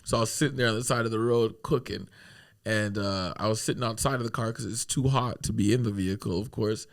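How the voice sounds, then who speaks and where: A man, a guest on a podcast, telling a story in a casual, animated way, often laughing through it and swearing freely. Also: lowish voice, fast talker, vocal fry.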